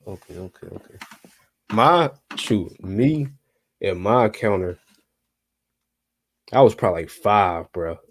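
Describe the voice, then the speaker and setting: A young man from North Carolina, co-hosting a podcast over a remote call, tells a story in a laid-back, slangy way packed with fillers. His fairly low voice has lively intonation, moving a little slowly with frequent pauses.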